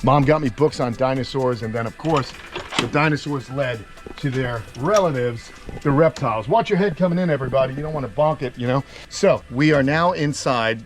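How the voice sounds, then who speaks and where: A man hosting a casual, enthusiastic walking tour of outdoor animal enclosures, talking with lots of fillers. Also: medium pitch. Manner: chatty and enthusiastic, many fillers. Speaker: reptile sanctuary owner and host.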